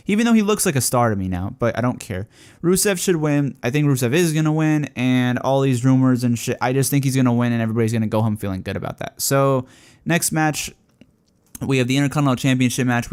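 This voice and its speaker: A young man giving casual, opinionated solo commentary, profane and ranting, growing excited as he talks. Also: medium pitch, quick pace, clear, resonant tone. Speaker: wrestling podcaster.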